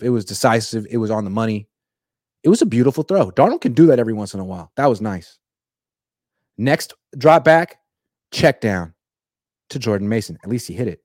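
Animated sports-talk man. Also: fairly low pitch, dry recording, clean studio sound. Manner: animated, jokey, quick asides. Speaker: sports commentator. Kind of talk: casual commentary.

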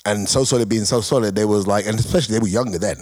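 A man's voice: fairly low pitch, very fast, darkish tone. A middle-aged man with a London accent telling stories in a casual podcast chat, acting out quotes between laughs. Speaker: guest. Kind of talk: casual storytelling. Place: podcast studio.

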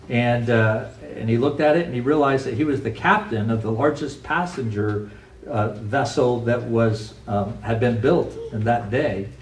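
A man's voice: mid-range voice, slight background noise. A man giving a sermon, telling a story in an earnest, conversational way with frequent restarts. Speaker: pastor. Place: church sanctuary. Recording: roomy echo from a distant mic.

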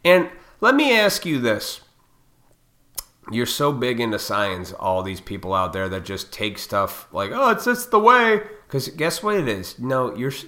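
A man's voice: medium pitch, sharp tone. A man delivering a heated, profane monologue to his viewers, lecturing them bluntly. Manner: heated, fired up.

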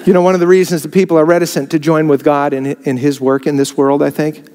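A man's voice: on the high side, flat delivery, fast, a little mellow. A man preaching a sermon, filmed on camera, rising in emphasis on key phrases. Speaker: pastor. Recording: long hall reverb.

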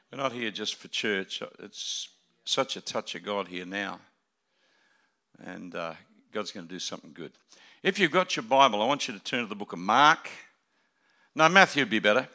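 Preaching as a guest, this older man with an Australian accent rambles through asides and jokes, alternating loud calls with quieter comments. His gravelly voice sits on the low side, and the talk is a sermon.

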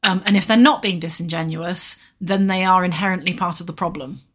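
A woman co-hosting a podcast, speaking in a measured, analytical, dry way. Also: on the low side. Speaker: podcast co-host. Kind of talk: casual podcast discussion.

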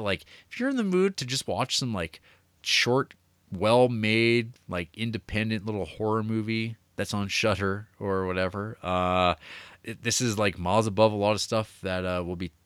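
Rambling, low-voiced man gushing about movies. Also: fairly bright tone, dry recording. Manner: rambling, enthusiastic, lots of fillers and profanity. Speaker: podcast co-host reviewing movies. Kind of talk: casual chat.

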